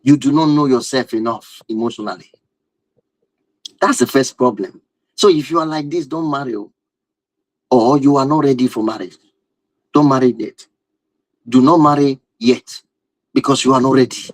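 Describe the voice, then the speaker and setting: A man's voice: medium pitch, normal speed, long pauses, no room sound, poor audio. Emphatic man firing rhetorical questions. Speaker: relationship and marriage speaker. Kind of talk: live-stream talk to viewers.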